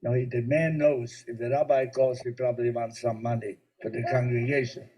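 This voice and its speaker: Mellow-voiced man giving a spiritual talk. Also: mid-range voice, little pitch movement, moderate pace, low-quality recording. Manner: storytelling, gently humorous, warmly explanatory. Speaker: rabbi.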